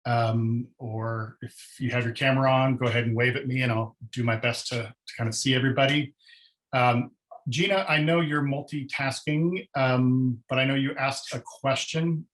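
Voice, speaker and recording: A man hosting a webinar over a video call, speaking haltingly with many fillers and open enthusiasm. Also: medium pitch, fairly even intonation, fairly bright tone, low-quality recording. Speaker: webinar host and moderator. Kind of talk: moderating a webinar Q&A.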